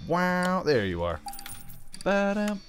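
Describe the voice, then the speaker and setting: A man's voice: sits high, wildly swooping pitch, extremely slow, slight background noise. A man giving casual, rambling commentary over a game, full of playful asides. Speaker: gaming YouTuber.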